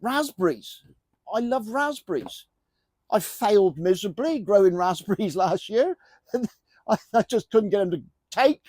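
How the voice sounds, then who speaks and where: A man's voice: high voice, expressive, unhurried, a little mellow, no echo. An older man chatting to camera about his allotment from inside a polytunnel, jokey, with the odd mild swear word. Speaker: gardening vlogger. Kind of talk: casual chat to camera.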